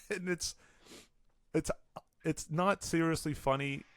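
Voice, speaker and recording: A man's voice: a little high, wildly swooping pitch, slow pace, fairly bright tone, no room sound, clean studio sound. A man co-hosting a comedy podcast, ranting in casual chat and swearing often. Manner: profane, ranting. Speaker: podcast co-host.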